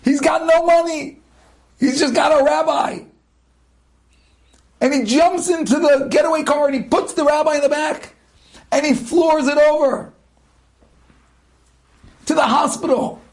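A man with a high voice delivers a storytelling sermon. He speaks slowly and builds suspense with long dramatic pauses. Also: fairly even intonation.

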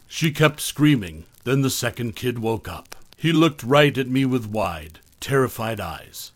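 A man narrates a first-person horror story at a steady, measured pace. His voice sits in a middling register, and the recording is close and dry with no room echo. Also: medium pitch.

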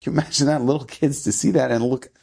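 A man's voice: medium pitch, fairly even intonation, fast talker, gravelly, mellow, slightly rough. A middle-aged man, a rabbi, telling an inspirational story in an earnest, emphatic way, often repeating his phrases.

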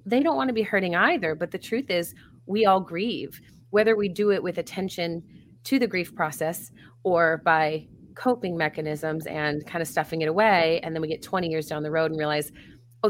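A woman with a slightly low voice talks through grief support in a thoughtful, earnest interview. Her tone is considered and sincere, and a soft laugh slips in at times. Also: normal speed, slight background noise. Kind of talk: reflective conversational interview.

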